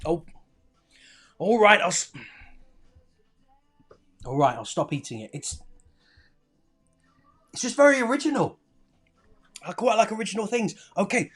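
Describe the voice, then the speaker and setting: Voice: medium pitch, big pitch swings, measured pace, long pauses, fairly bright tone, slightly rough, soft background music. Encouraging teacher in an online lesson. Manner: encouraging, praising, reads out answers. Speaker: primary school teacher. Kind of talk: live online lesson for children.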